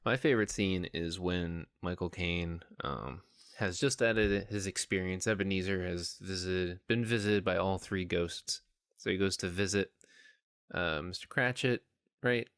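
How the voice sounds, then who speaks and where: Deep-voiced man chatting on a podcast. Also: unhurried, fairly bright tone, smooth, no echo, studio quality. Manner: rambling, lots of fillers, laughs easily. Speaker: podcast co-host. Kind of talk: casual chat.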